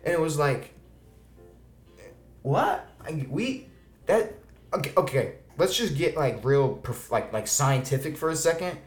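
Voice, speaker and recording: A man's voice: fairly high pitch, expressive, normal speed, soft background music. Rambling young-sounding podcast guy, roomy. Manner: rambling, restarts often, swears casually. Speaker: podcast co-host. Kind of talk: casual chat.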